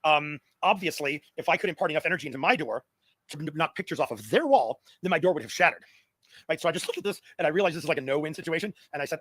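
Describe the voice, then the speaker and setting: A man's voice: a little high, lively intonation, very fast, a bit bright, dry recording. A middle-aged man telling a long story in a casual, rambling way, with restarts and laughs at his own tale. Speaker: guest.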